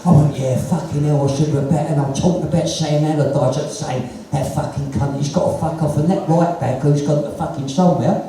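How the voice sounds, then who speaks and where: A man's voice: a little high, fairly even intonation, a little fast, hardly any pauses, mellow, a little hiss or hum. A man with a London accent telling earthy, swear-filled stories on stage, acting out the dialogue himself. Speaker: punk musician guest. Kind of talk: live on-stage storytelling chat. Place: live music venue with audience. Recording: echoey venue from far off.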